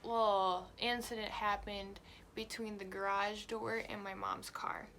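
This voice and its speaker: Young woman vlogger, blunt lively storytelling, gravelly voice, lots of swearing. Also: medium pitch, a little slow, slight background noise. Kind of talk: storytime vlog.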